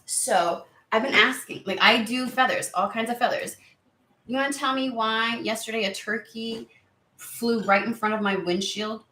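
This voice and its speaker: A woman's voice: on the high side, steady tone, normal speed, sharp tone, echoey room. A woman giving a casual tarot reading to camera, chatty and rambling, easily sidetracked. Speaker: tarot reader.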